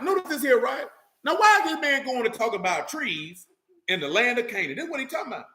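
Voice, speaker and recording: A man preaching a sermon. His voice sits high and sounds bright and forceful, and it carries through an echoey room with faint noise behind it. He reads scripture slowly and fires rhetorical questions at his listeners. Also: big pitch swings.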